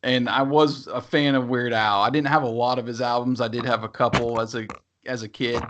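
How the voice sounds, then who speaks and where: A man's voice: medium pitch, steady tone, brisk, background noise. A man co-hosting a podcast, chatting casually about movies and rambling through fillers and restarts. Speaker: podcast co-host. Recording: dull lo-fi sound.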